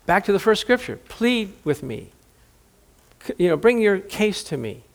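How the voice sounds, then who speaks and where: A man's voice: high-pitched, sing-song, moderate pace. A man preaching a conversational sermon, acting out biblical dialogue with humor. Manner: conversational, jokey preaching with acted-out quotes. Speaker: pastor.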